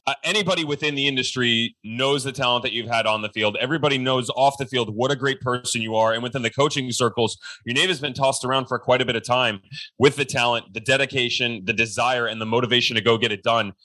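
Bright, hyped-up male podcast host. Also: mid-range voice, quick pace. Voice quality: energetic, loud hype-man delivery. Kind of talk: hyped-up casual interview.

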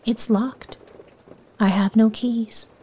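A woman's voice: a little high, steady tone, takes it slowly, dark tone, slightly rough. A woman voicing a cruel, sneering old woman from a moon kingdom, speaking coldly and curtly.

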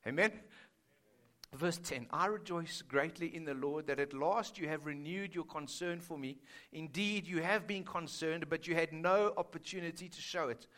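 A male pastor preaches at a normal speed in a fairly high, fairly bright voice. He keeps things chatty and full of jokes, speaking directly to the congregation.

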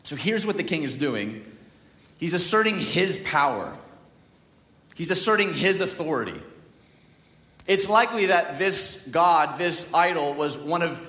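A man's voice: a little high, lively intonation, unhurried, pauses often, bright, forceful tone. A man pastor giving a sermon, joking and chatting with the congregation between readings. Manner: jokey, conversational preaching with asides to the congregation. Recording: echoey hall from far off.

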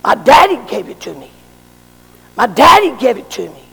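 A man's voice: very high-pitched, sing-song, normal speed, vocal fry, bright, forceful tone, husky, big-room sound, heavily acted, poor audio. A man voicing a plain, stubborn farmer who firmly refuses to sell his land.

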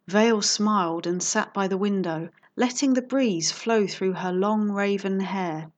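A woman narrating a fan story in an even, measured reading voice. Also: medium pitch. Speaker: audiobook reader.

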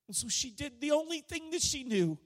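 High-voiced preaching man. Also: animated, a little fast. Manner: emotional storytelling, swings from loud to hushed. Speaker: pastor. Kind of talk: sermon.

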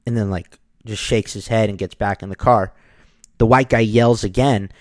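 Guy telling a story casually, lowish voice, dry close sound. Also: normal speed, no room sound. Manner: animated, acts out the people in his story.

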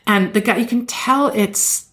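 Brief: woman podcast host, lively storyteller, breaks into laughs, swears casually. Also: mid-range voice, measured pace. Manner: animated, laughing, swears freely.

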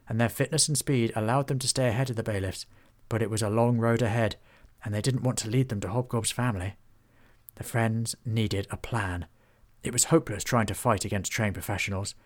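A man narrating a children's fantasy storybook in a steady, even manner. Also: lowish voice.

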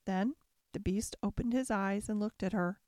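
A woman narrating a classic fairy tale as a calm, measured bedtime story. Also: mid-range voice, no echo, clean studio sound.

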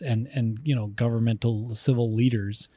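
A man co-hosting a casual comedy podcast, animated and jokey, often talking over his partner. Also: medium pitch, moderate pace, breathy edge, no room sound. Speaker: podcast co-host.

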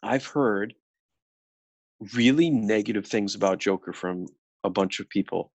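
A middle-aged man co-hosting a film podcast, talking in a casual, animated way with many restarts and quoted asides. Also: on the low side, a little slow, no room sound, muffled recording. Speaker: podcast co-host.

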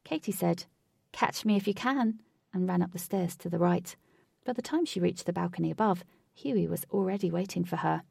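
A woman reads a story aloud in a steady, even voice. Her pitch sits low with a gravelly fry, and the recording is dry and close. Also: a little fast, no echo, recorded from a distance. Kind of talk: audiobook narration.

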